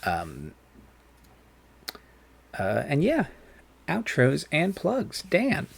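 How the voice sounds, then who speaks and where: A man running a tabletop game as game master, halting and full of fillers between his laughs. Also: fairly high pitch, huge pitch swings, creaky, husky.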